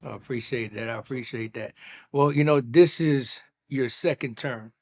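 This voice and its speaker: A man's voice: mid-range voice, moderate pace. Enthusiastic male podcast host. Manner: enthusiastic, repeats words when starting. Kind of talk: interview hosting. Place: studio.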